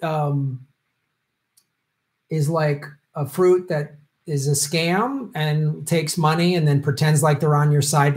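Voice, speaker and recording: Male livestream host, casual, rambling, fills pauses with ums and little laughs. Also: a little high, darkish tone. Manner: rambling, many ums, chuckles, jokey asides. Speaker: show host answering viewer questions.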